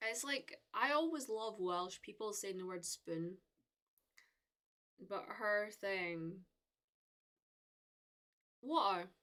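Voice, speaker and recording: A woman's voice: mid-range voice, slow, long pauses, pushed and bright. A young woman from the UK chatting casually with viewers on a live stream, rambling with lots of fillers and restarts.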